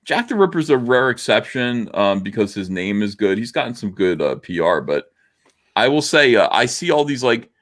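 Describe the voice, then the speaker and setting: A man's voice: medium pitch, sing-song, moderate pace, fairly bright tone. A man from the US hosting a livestream, ranting sarcastically in a comment-reading commentary. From United States. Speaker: livestream host.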